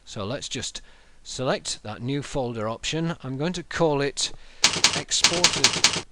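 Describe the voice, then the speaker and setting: A man narrating a software tutorial in a measured, explanatory way, talking through each menu step aloud. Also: medium pitch, lively intonation, very noisy. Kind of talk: screen-recorded software tutorial.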